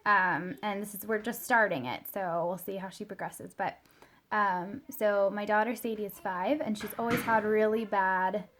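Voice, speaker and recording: A woman's voice: mid-range voice, steady tone, normal speed, a little hiss or hum. A woman in her thirties, a mother telling a casual vlog story, chatty and full of fillers. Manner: chatty, lots of fillers and "like", quotes her child in a small soft voice. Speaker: mother sharing a product story.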